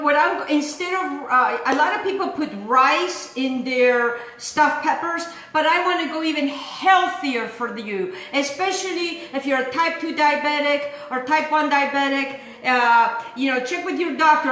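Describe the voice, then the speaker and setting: A woman's voice: sits high, bright, forceful tone, echoey room. A woman from Argentina hosting a cooking show, chatting in a bubbly, sing-song way and sprinkling in Italian words. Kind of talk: chatty live cooking demonstration. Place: home kitchen.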